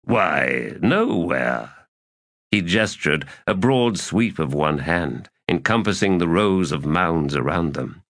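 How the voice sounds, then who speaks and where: A man narrating an audiobook in a slow, expressive reading. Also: sits low, no room sound, clean studio sound. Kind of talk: scripted narration.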